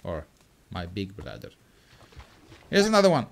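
A man hosting a let's-play, reacting excitably, swearing casually and chattering to the creature in the game. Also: on the low side, moderate pace, vocal fry, long pauses. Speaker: gaming channel host.

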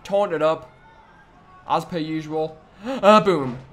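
Young male gaming YouTuber, high-pitched, hyped trash-talk with loud outbursts. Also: takes it slowly, a little hiss or hum. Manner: excitable, trash-talking the opponent, sudden loud outbursts. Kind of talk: let's-play commentary.

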